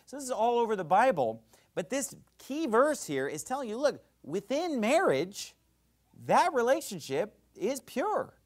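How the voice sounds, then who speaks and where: Fiery, high-pitched preacher man. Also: sing-song, a little slow. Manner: fiery, emphatic preaching with sharp swings in loudness. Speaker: pastor. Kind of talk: sermon.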